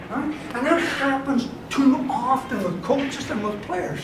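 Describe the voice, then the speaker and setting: Man, motivational speaker, high lively voice, bouncing pitch, roomy hall sound from far off. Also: unhurried, background noise. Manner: animated, laughing, acts out quoted voices, asks "right?" often. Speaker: sports psychology speaker. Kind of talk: lively motivational talk to a live audience. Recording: echoey hall, miked from far off.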